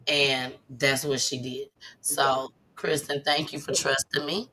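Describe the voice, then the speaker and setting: A woman hosting a casual talk show, telling stories animatedly and bursting into loud, high impressions. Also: flat delivery, slow. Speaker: host. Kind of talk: casual chat.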